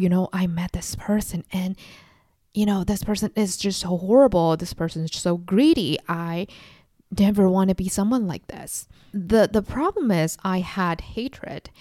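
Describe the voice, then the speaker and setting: A woman's voice: on the low side, darkish tone, smooth, dry recording, clean studio sound. A woman in her twenties hosting a solo podcast, talking in a reflective, confiding way and sometimes mimicking people sarcastically. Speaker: podcast host.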